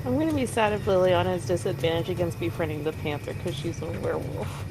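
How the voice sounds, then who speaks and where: A woman's voice: lowish voice, fast, darkish tone, low-quality recording. Blunt, swearing woman at the game table. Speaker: player.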